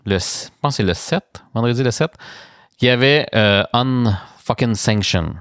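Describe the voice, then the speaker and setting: A man's voice: mid-range voice, normal speed, a bit bright, clear, resonant tone, no room sound, clean studio sound. A man with a Québécois French accent hosting a wrestling podcast in casual, rambling chat full of fillers. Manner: rambling, filler-heavy, chatty.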